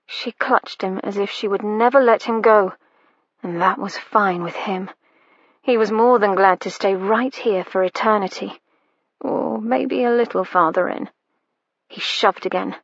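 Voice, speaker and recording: A woman reading an audiobook in slow, measured scripted narration, recorded on a close mic with a slightly dull lo-fi sound. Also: medium pitch, fairly bright tone, no echo.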